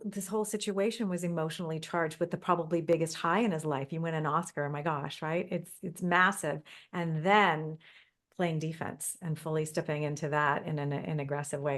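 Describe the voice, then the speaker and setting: A woman's voice: low voice, fairly bright tone. A woman hosting a podcast interview, with a supportive manner and frequent short affirmations. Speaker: podcast host. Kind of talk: conversational interview.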